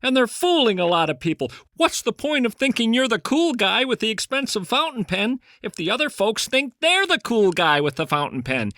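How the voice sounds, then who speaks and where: A man's voice: extremely high pitch, very animated, normal speed, few pauses, sharp tone, no echo. A man hosting a podcast, riffing in a rambling comic monologue with theatrical mock outrage. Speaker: podcast host. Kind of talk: rambling comic monologue and prank phone call.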